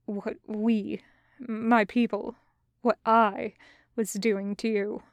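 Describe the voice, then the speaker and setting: A woman voicing a gentle, guilt-ridden male alien captor in a hushed, quiet voice for an audio story. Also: fairly high pitch, flat delivery, slow, dry recording. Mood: ashamed. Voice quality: soft, hushed. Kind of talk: podfic voice acting.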